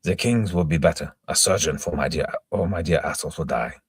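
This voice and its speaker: A man's voice: rumbling low, brisk, breathy edge, dry recording, clean studio sound, exaggerated voice. A man voicing a stern, commanding middle-aged male captain, speaking raised and emphatic. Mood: urgent.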